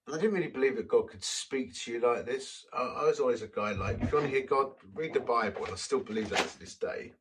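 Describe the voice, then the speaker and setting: A man's voice: mid-range voice, quick pace, few pauses, fairly bright tone, far from the mic, slight background noise, poor audio. A man preaching a sermon, telling a personal story in a conversational, self-deprecating way.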